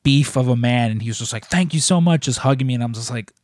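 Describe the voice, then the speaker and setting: A man's voice: medium pitch, flat delivery, fast talker, darkish tone, dry recording. A man in casual chat, telling stories in a rambling way, full of filler words. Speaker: wrestling merchandise shop employee asking questions.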